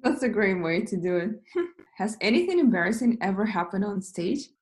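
Lady interviewer asking short questions, mid pitch, echoey room. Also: big pitch swings, normal speed, darkish tone. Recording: echoey, off-mic sound.

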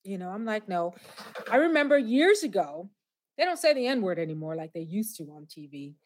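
A woman co-hosting a podcast in casual chat, reacting with quick exclamations and retelling stories. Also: mid-range voice, big pitch swings. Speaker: podcast co-host.

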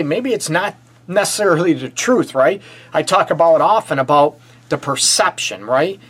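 Man, relationship counselor, blunt, emphatic, somewhat high voice, advice show host. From United States. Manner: blunt, emphatic, addresses viewers as "people". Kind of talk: direct-to-camera advice talk.

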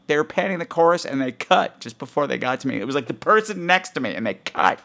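A man's voice: high voice, lively intonation, very fast, gravelly, few pauses, a bit bright. A man hosting a podcast in a frenetic, rambling and self-mocking solo monologue. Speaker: podcast host.

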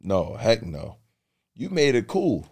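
Low voiced dude chilling on a podcast, lots of yep and yeah. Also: male voice, takes it slowly, husky. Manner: relaxed, short affirming interjections. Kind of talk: casual podcast chat.

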